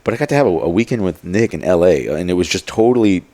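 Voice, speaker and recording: A man's voice: low voice, lively intonation, fast, dark tone. A man telling stories as a podcast guest, in a rambling casual way full of fillers and quoted asides. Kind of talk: casual storytelling.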